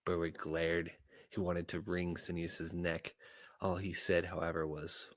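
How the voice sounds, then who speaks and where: A man's voice: deep voice, little pitch movement, unhurried, no echo. A man reading a children's novel aloud, narrating in a playful, goofy way between character voices. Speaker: story reader.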